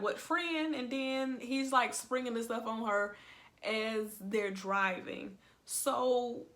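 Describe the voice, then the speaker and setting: A woman's voice: fairly high pitch, pushed and bright. Young woman, sassy, colloquial recap host with a casual chatty delivery. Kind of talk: casual video review.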